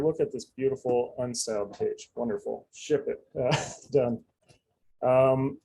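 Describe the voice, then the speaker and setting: A man's voice: medium pitch, creaky, warm tone, poor audio. A man giving a casual live coding demonstration, chatty and loose, full of fillers and asides. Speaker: presenter.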